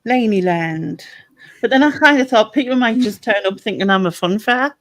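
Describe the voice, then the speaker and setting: A woman's voice: mid-range voice, animated, moderate pace, a bit bright, no echo. A woman with a Sunderland accent, hosting a casual chat on a video call, joking and laughing often. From Sunderland, England. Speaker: channel host.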